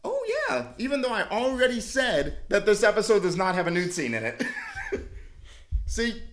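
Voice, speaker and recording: A man tells a rambling story on a casual podcast, his pitch sitting a bit high and swinging widely. He laughs often and restarts his sentences as he goes. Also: big pitch swings, normal speed. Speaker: podcast co-host.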